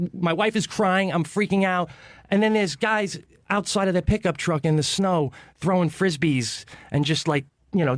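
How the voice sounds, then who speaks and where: Fast-talking man telling a wild story. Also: sits high, no room sound. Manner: fast, animated storytelling with lots of profanity. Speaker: guest comedian. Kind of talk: storytelling on a talk radio show. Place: radio studio.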